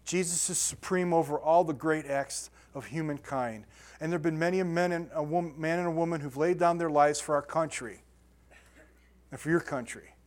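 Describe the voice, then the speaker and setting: Male pastor, slightly high voice, chatty sermon style that builds to emphatic readings. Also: moderate pace. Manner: conversational, repeats words and restarts, builds to emphatic scripture reading.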